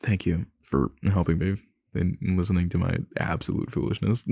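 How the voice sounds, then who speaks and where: A man's voice: low-pitched, fairly even intonation, normal speed, gravelly, dark tone, husky, no room sound. A young man in an ASMR boyfriend role-play, rambling nervously, laughing and swearing as he talks into a close mic.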